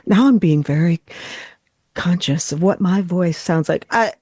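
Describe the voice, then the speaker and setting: Animated woman hosting a chatty podcast. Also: fairly low pitch, unhurried, husky, no echo, clean studio sound. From western New York, near Buffalo. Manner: animated storyteller who slips into character voices. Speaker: podcast host. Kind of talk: casual chat.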